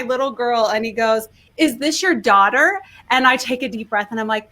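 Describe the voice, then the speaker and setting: A woman guest on a live video-call show, telling stories in an excitable, gushing way full of "like.". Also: fairly high pitch, normal speed. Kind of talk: animated storytelling.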